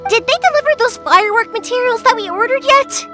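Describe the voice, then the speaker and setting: A spirited young fireworks maker in a game, energetic yet patient with her father. Her voice is very high and moves animatedly, with faint music underneath. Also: fast. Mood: lively. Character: lively young woman, fireworks maker, caring daughter. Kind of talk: video game dub.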